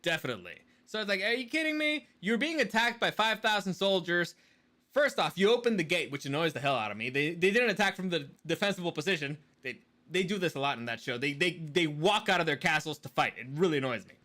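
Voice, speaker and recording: A man's voice: a little high, fast, hardly any pauses. A man co-hosting a podcast in casual chat. He rants animatedly and swears often. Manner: animated ranting, swears a lot. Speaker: podcast co-host.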